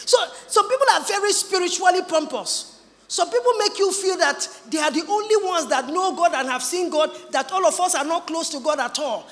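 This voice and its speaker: A woman preaching with a high, bright, forceful voice. She is emphatic and animated, and she slips into mimicking others. Her words ring out with long reverb in a large hall. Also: fairly quick. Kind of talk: sermon.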